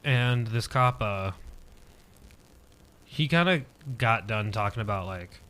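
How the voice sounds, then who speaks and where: Low-voiced young man telling a story hesitantly. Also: expressive, slow, fairly bright tone, smooth. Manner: hesitant storytelling, heavy use of "like" fillers. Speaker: podcast guest. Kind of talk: casual podcast conversation.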